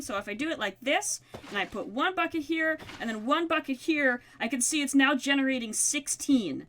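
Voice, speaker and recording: A woman's voice: sits high, bright, forceful tone. A woman casually narrating her modded game, playfully taunting mobs and talking herself through crafting. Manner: playful, talks to mobs, mock-dramatic taunts. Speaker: gamer narrating her play. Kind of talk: casual let's-play commentary.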